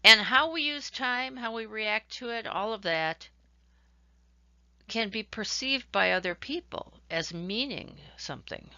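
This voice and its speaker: A woman's voice: on the high side, a little slow, pushed and bright, dry recording, muffled recording. A woman teaching a recorded lecture, explaining ideas with worked examples and shifting emphasis. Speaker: instructor.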